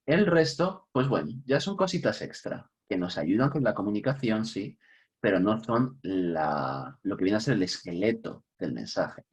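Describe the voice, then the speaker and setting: A man's voice: on the low side, sing-song, normal speed, vocal fry, slightly rough. A man teaching an online English class, chatty and upbeat, chuckling often and leaning on key words. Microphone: computer mic on a video call.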